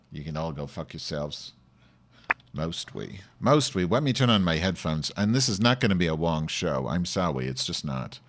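A man playing a brash, short-tempered woman podcast host who rants sarcastically and swears at the listeners. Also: deep voice. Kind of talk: comedic podcast monologue.

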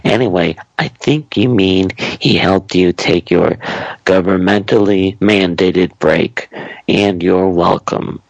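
A man's voice: low voice, slow, no room sound, heavily acted, poor audio. A man voicing a scheming, smug female political aide with a sugary, condescending manner.

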